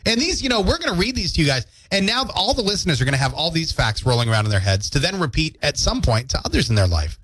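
A man's voice: fairly high pitch, very animated, fast, hardly any pauses, a bit bright, breathy edge, no echo. A man hosting a morning radio show in a studio, joking playfully and reading out listener comments and news updates. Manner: playful, jokey, reads listener comments aloud. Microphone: studio microphone.

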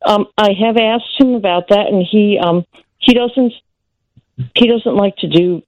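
A woman's voice: mid-range voice, a little slow, no echo. A woman calling into a radio show, hesitant and searching for her words. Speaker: caller. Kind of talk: radio call-in question. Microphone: phone. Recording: dull dry phone audio.

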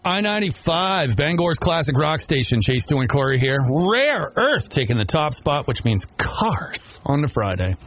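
A man's voice: on the high side, normal speed, few pauses, a little hiss or hum. A man from Maine hosting a morning radio show, joking through casual banter and laughing often in a radio studio. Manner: jokey, laughs often, animated retelling.

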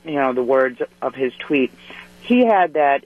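A man's voice: medium pitch, animated, a little slow. A male caller on a radio talk show who explains his view earnestly, stumbling and restarting as he talks. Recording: thin, dry phone line.

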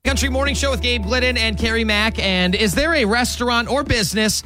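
A young man hosting a morning radio show, talking in an upbeat, animated way and laughing easily. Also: very high voice, brisk, faint music behind. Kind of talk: casual radio banter. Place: radio studio.

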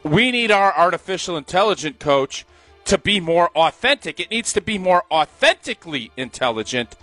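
A man co-hosting a sports radio show, talking in a bright, fairly high voice. He is opinionated and animated and laughs often, with faint music in the background. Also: moderate pace. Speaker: radio co-host and former football player. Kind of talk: casual sports talk.

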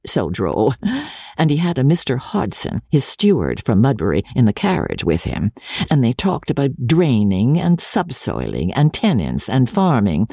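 A reader narrating a first-person story in letters, reading it in a lively, expressive way. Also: medium pitch, moderate pace, creaky, breathy edge, no echo, clean studio sound. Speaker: audiobook narrator.

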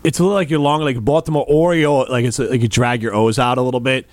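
A male sports radio host talking into a studio microphone, chatty and teasing with his co-workers. His voice sits at an ordinary middle pitch. The sound is dry and close, with no room echo. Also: very fast. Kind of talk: casual sports radio banter.

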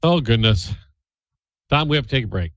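A man hosting a radio talk show, speaking in a casual, animated way. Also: medium pitch, moderate pace, no echo, highs cut off. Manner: animated, laughs easily. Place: radio studio.

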